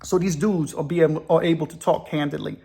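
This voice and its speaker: A man's voice: fairly high pitch, steady tone, fast, gravelly, mellow, breathy edge. Rambling man telling a story. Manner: rambling, repeats himself. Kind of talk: casual spoken storytelling.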